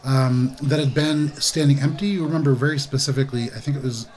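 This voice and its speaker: A man's voice: medium pitch, fairly even intonation, fast, a little mellow. Man narrating as game master. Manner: loose, descriptive, with many fillers.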